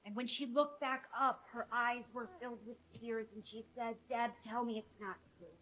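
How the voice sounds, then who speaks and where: A woman's voice: fairly high pitch, steady tone, moderate pace, bright, forceful tone, rough recording. A woman playing a chatty middle-aged woman who retells a friend's drama in a breathless, melodramatic way, as a comedy sketch monologue. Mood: dramatic.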